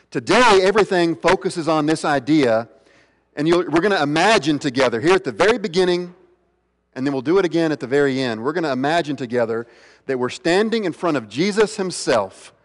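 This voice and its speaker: A male pastor preaching an earnest sermon, slowing down and going quiet and low when he voices the questions he quotes. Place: church sanctuary. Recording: long reverb of a large hall.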